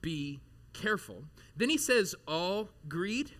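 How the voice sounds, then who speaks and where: A man's voice: sits high, sing-song, slow, a bit bright. A man in his thirties, a pastor giving a sermon in a church, talking conversationally and animatedly with casual asides. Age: 30s.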